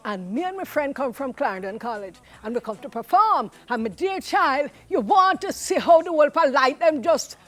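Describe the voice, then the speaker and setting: A woman doing a lively old Jamaican storyteller. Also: high-pitched, moderate pace, few pauses. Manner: lively, exclaiming storyteller in dialect. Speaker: guest performer.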